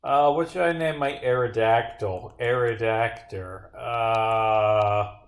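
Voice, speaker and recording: A young man rambles through his game, swearing and sarcastic as he chats with his viewers. His voice sits at an everyday middle pitch. The room around him gives it a noticeable echo. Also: slow. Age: young adult. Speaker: streamer. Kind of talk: casual livestream commentary while gaming.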